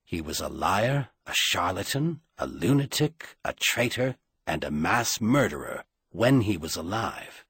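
Audiobook villain: a man playing a soft-spoken, icy male guardsman, deep and low, husky edge, unhurried menace. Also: no room sound, full character voice. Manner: cold and precise.

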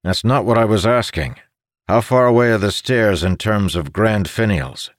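A man's voice: lowish voice, normal speed, dry recording, studio quality, pitched above the performer's own voice, close to an everyday voice. A man voicing a stern male expedition leader who speaks curtly and gives orders, in an audiobook. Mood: commanding.

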